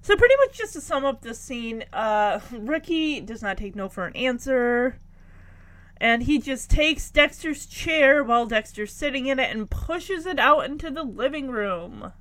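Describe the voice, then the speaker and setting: A woman retells sitcom scenes in a loose, chatty way, slipping into the characters' lines as she goes. Her voice sits a little high for a woman. The sound is dry and close, with no room echo. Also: animated, unhurried, a bit bright. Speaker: podcast host recapping a sitcom. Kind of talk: casual recap chat.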